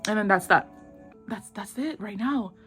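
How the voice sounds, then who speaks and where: A young woman casually retelling a drama plot in slangy, excitable talk, acting out lines in quick voices. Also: medium pitch, breathy edge, faint music behind. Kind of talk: casual animated storytelling.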